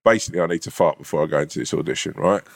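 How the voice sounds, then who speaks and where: A man's voice: low-pitched, very fast, gravelly. A man, a comedian co-hosting a podcast, telling rambling, sweary anecdotes in casual chat.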